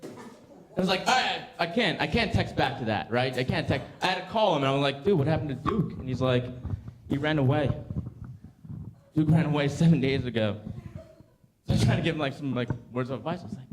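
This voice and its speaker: A young man in his twenties doing a rambling stand-up set on a club stage, halting with fillers and restarts, the crowd laughing behind him. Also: fairly high pitch, animated. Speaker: stand-up comedian. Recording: roomy club with crowd noise.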